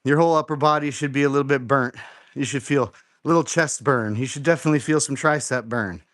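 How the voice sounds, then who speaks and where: A middle-aged man coaches a home workout live, with a middling pitch and plenty of encouragement. He repeats his cues and keeps the instructions simple. His voice sounds dry and close. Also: fast, a bit bright, no room sound. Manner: encouraging, repeats instructions, counts reps aloud. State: out of breath after exercise. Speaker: fitness coach and live show host.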